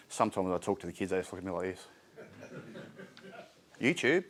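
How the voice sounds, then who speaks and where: A man's voice: sits low, very animated, fairly quick, a bit bright. A man with an Australian accent giving a candid, chatty community talk on mental health, with frequent ums and restarts. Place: indoor community hall.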